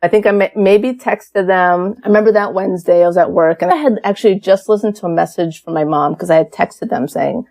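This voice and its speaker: A woman's voice: mid-range voice, fairly quick, hardly any pauses, darkish tone. A woman around fifty, a podcast guest, telling a personal story in a frank, casual way, with swearing and acted-out quotes.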